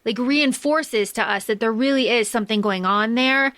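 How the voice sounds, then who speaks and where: A woman's voice: fairly high pitch, moderate pace, a bit bright, dry recording. A woman co-hosting a book podcast, chatting casually with lots of fillers and the odd swear. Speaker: podcast co-host.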